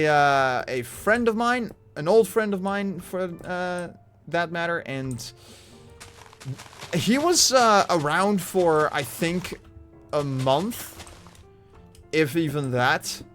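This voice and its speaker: Rambling male streamer, slightly high voice. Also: animated, slow pace, a bit bright. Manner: rambling, many fillers and restarts. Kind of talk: casual Minecraft livestream commentary. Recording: faint music behind.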